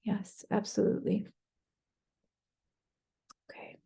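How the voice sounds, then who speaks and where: A woman's voice: medium pitch, fairly even intonation, normal speed, vocal fry, warm tone. A woman leading an online workshop on a video call, encouraging participants and reading their chat messages aloud. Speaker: workshop presenter.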